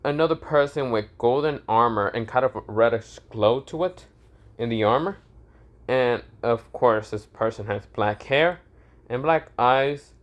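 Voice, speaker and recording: A man's voice: mid-range voice, muffled recording. A young man narrating a fan story casually, with many fillers and self-corrections.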